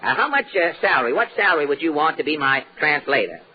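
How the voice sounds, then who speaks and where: A man hosting a 1940s radio comedy, wisecracking and halting with frequent uhs before a studio audience. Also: fairly high pitch, big pitch swings. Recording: dull old radio broadcast with hiss and live audience.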